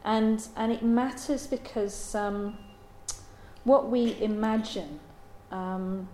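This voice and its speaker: A woman giving a Buddhist dharma talk in a halting, thoughtful way, with many pauses and ums. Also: medium pitch, mellow, slight background noise. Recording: roomy echo.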